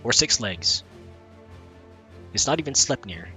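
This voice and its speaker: A man streaming a game, talking casually with deadpan, crude jokes. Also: mid-range voice, measured pace, faint music behind. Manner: joking, deadpan.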